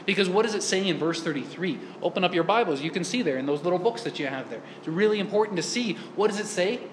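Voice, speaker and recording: A man's voice: sits high, expressive, fast talker, roomy sound, slight background noise. A man giving a sermon in a church, earnest and full of rhetorical questions. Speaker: priest.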